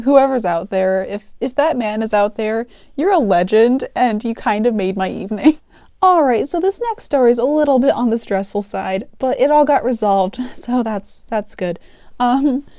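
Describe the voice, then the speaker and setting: A woman's voice: a little high, dark tone, dry recording, clean studio sound. A teenage girl chatting casually through a storytime vlog, giggling and laughing as she talks. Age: teens. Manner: chatty and giggly, often laughing mid-sentence. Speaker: art channel host telling work stories.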